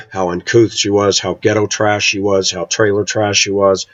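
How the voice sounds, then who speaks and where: A man vlogging a personal story rant, indignant and animated, acting out the quotes as he goes. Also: on the low side, unhurried, no echo. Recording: dull, dry lo-fi sound.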